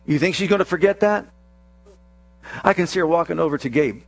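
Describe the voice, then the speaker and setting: A man preaching a sermon, acting out scripture scenes with slow emphasis and sudden rapid bursts. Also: a little high, creaky, no echo, soft background music. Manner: dramatic, acts out quoted scripture voices, shifts between slow emphasis and rapid bursts.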